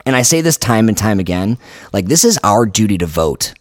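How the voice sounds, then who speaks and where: A man's voice: on the low side, sing-song, brisk, no echo, studio quality. A man co-hosting a podcast who rants in a heated, emphatic way and swears often. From United States. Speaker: podcast co-host. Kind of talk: casual podcast rant.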